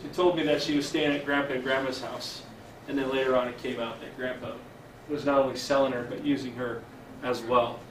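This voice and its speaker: A man's voice: medium pitch, steady tone. Earnest man telling a story in an echoey church hall. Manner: earnest storyteller, drops to a hush for quoted speech; halting fillers and restarts. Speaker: chaplain. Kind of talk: storytelling talk to a church audience. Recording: echoey hall, distant mic, faint hiss.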